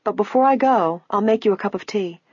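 A woman reading an audiobook, voicing a kind, brisk young female detective who talks reassuringly. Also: mid-range voice, a little mellow, slightly rough, no room sound, voice pushed up, lightly acted. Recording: dull, lo-fi, dry.

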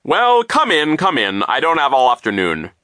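A man voicing a pompous, loud male vice principal who announces himself grandly and mocks children. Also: a little high, huge pitch swings, moderate pace, dry recording, studio quality, pitched above the performer's own voice, heavily acted. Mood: impatient.

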